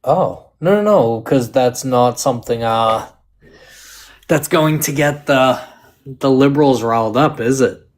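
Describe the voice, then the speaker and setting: A man's voice: mid-range voice, unhurried. Guy calling into a debate stream, baiting people, average voice. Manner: provocative, teasing. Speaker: debate caller. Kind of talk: casual political debate.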